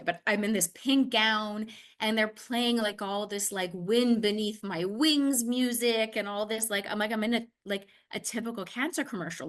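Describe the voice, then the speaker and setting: A woman in an interview telling a personal story in a casual, animated way, acting out the conversations and often saying "like". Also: medium pitch. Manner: animated, acts out dialogue, frequent "like".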